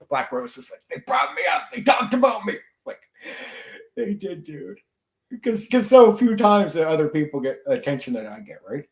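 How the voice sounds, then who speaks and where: Profane ranting man in an echoey room. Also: fairly high pitch. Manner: blunt, heavily profane, venting. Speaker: channel host. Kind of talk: casual ranting livestream chat.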